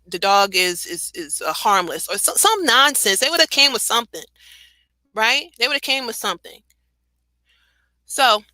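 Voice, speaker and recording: A woman speaks on a talk radio show. She is impassioned and conversational, laughing now and then and filling gaps with "you know" and "um." Her voice is bright and forceful, and it sounds dry and close. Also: fairly low pitch, no room sound, poor audio. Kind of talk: casual radio commentary.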